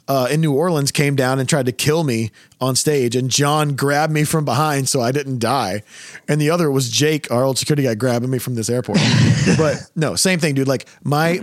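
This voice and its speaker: A man in his thirties hosting a casual podcast chat, telling stories in a loud, profane, animated way. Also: mid-range voice, no room sound, clean studio sound. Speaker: podcast host.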